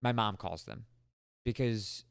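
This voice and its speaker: A man in his twenties co-hosting a podcast, telling a story in an animated, exasperated casual chat. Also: fairly low pitch, takes it slowly, creaky, clean tone, dry recording, studio quality. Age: 20s. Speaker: podcast co-host.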